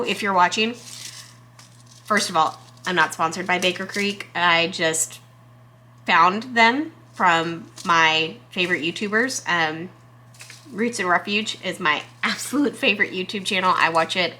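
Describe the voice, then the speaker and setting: A young woman from Texas, chatting casually to camera as a gardening vlogger in a chatty, excitable, self-deprecating way. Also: mid-range voice, slight background noise.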